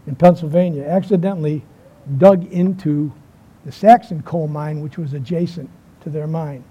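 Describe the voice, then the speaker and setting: High-voiced preacher, husky and mellow. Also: male voice. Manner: storytelling preacher, emphatic with quiet pauses. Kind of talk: sermon. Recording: dull lo-fi sound.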